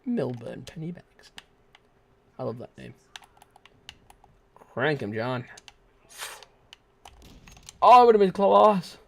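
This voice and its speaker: A young adult man streams a shooter game in a fairly high, sing-song, creaky voice that's a bit bright. He takes it slowly with long pauses, rambling goofily in casual live commentary and bursting into shrieks, laughter and bits of song.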